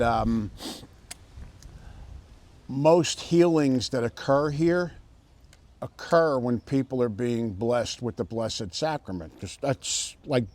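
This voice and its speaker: A middle-aged man telling a personal story in an interview, halting with many fillers and restarts. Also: mid-range voice, a little mellow. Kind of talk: casual interview testimony.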